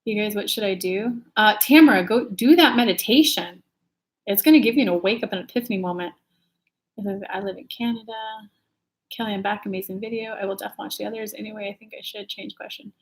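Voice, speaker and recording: A woman's voice: medium pitch, fast talker. A woman hosting a casual live stream, chatting animatedly and reading viewer comments aloud. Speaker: intuitive reader and channel host.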